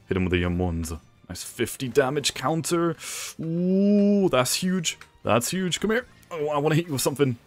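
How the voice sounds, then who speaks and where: Playful low-voiced young man commentating gameplay. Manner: playful, teasing the opponent with mock complaints. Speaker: gaming video creator.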